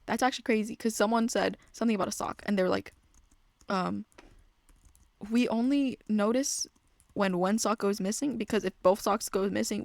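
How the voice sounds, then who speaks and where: A woman's voice: medium pitch, vocal fry, no room sound. Rambling young woman, dry close mic. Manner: rambling, self-interrupting, trailing off into mutters. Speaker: gaming vlogger. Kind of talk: casual storytelling while playing a game.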